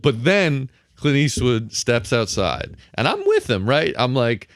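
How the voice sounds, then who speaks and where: Animated man on a film podcast. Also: mid-range voice, measured pace, hardly any pauses, no echo, clean studio sound. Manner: animated, laughing, mimics film characters. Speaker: podcast co-host. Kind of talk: casual film review chat.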